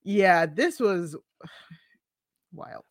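A woman's voice: fairly low pitch, big pitch swings, drawn-out words, creaky, no echo, clean studio sound. A woman co-hosting a podcast, chatting casually about a TV episode and laughing often. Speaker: podcast co-host. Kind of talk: casual TV recap chat.

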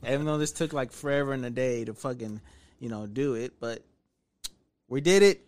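A man's voice: mid-range voice, moderate pace, darkish tone. Joking man trading crude banter. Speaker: podcast co-host. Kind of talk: casual chat.

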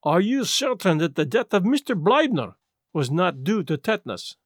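A fussy Belgian detective, as voiced by a man in an audiobook, with a high voice that rises and falls a lot. He speaks slowly and deliberately, and the recording is dry and close. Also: big pitch swings, no echo, heavily acted. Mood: probing. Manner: measured, deliberate questioning. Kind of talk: audiobook character voice.

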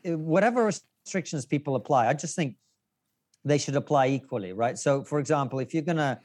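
A man's voice: fairly high pitch, expressive, fairly quick, darkish tone. Wry man, a guest on a podcast. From Russia. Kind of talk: casual podcast chat.

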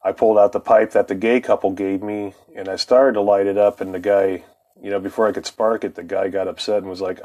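Man, lowish voice, casual profane storytelling, rambling, chuckles. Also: flat delivery, brisk, mellow. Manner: profane, rambling, laughs often.

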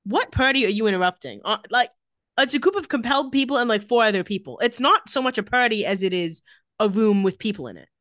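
A woman co-hosting a casual recap podcast who retells each scene with dry, sarcastic asides. Her pitch rises and falls a great deal as she reads the lines. The recording is dry and close to the mic. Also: animated, fast, a bit bright, dry recording. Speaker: podcast co-host recapping a TV episode. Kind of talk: casual chat.

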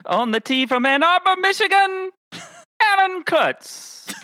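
A man voicing a formal British golf tee announcer, reading quiz questions in a put-on British accent with a drawn-out announcing manner. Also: extremely high pitch, lively intonation, pushed and bright, no room sound, pitched above the performer's own voice, exaggerated voice.

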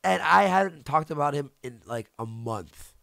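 Gravelly, ranting man. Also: fairly high pitch, animated, a little slow, fairly bright tone, no echo, studio quality. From Canada. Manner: ranting, profane, repeats himself. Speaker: streamer host. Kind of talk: heated casual chat.

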